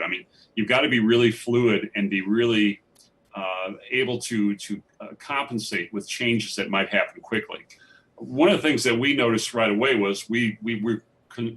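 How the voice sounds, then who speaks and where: A documentary filmmaker with a fairly low, fairly bright voice shares stories in a live festival interview from a theatre stage. Eager and rambling, he restarts frequently, and the sound comes from a distant mic in the theatre.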